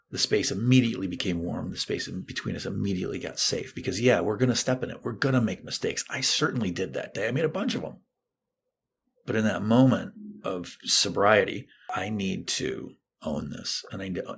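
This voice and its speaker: A man's voice: sits low, vocal fry, a little hiss or hum. A middle-aged man, a therapist and guest on a podcast, telling a personal story and acting out what people said. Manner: animated storytelling, acting out quoted lines.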